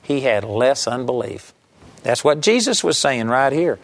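A man preaching a sermon, telling a story emphatically and swinging between loud passages and hushed ones. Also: mid-range voice, big pitch swings, measured pace.

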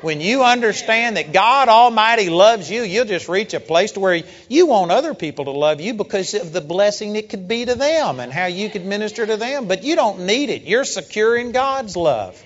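A man preaching a sermon, emphatic, building up to loud rhetorical questions. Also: sits high, expressive, moderate pace, hardly any pauses. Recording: dull lo-fi sound with long hall reverb.

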